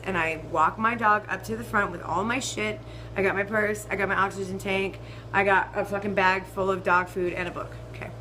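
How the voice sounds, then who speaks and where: A young woman telling a ranting storytime vlog, swearing freely and swinging between loud outbursts and muttered asides. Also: mid-range voice, slight background noise, rough recording. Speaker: vlogger.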